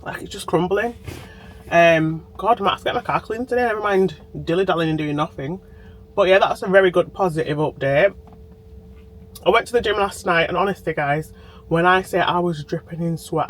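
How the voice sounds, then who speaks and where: Her voice is on the low side, animated and a little fast as she films a diary vlog in a parked car, talking into her phone. She's bubbly and chatty, addressing the camera directly. The audio quality is poor.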